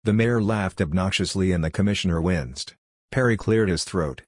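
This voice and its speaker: A man reads fiction aloud as narrator, his voice low and slightly husky. His delivery is steady and even. The recording is dry, with no room sound. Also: normal speed, no room sound. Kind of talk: audiobook-style fiction reading.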